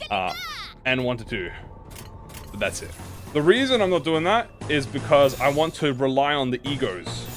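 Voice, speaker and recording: A young man streaming a video game, chatting casually with his viewers in a rambling, self-mocking way. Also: medium pitch. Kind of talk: casual gameplay commentary to chat. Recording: game music behind voice. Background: game music.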